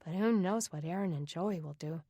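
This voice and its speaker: A woman voicing a calm, caring older teenage girl who talks gently and reassuringly. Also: on the low side, normal speed, dry recording, studio quality. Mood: gentle.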